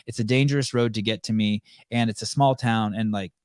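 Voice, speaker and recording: A man's voice: lowish voice, steady tone, fairly quick, darkish tone, clean tone, no echo, clean studio sound. A man hosting a podcast, telling a story in casual, profane chat and acting out the dialogue. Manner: profane, acts out quoted dialogue. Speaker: podcast host.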